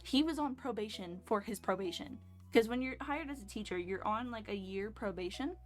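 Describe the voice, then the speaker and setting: A woman's voice: mid-range voice, lively intonation, normal speed. A woman in her twenties telling a story casually while streaming at home, blunt and sarcastic, swearing freely. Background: faint background music.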